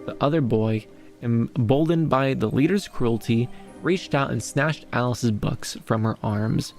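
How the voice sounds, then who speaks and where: Man, storyteller, gravelly voice, mid pitch, faint music behind. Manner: measured, even narration with occasional restarts. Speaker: storyteller, streamer. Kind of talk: reading a fantasy story aloud.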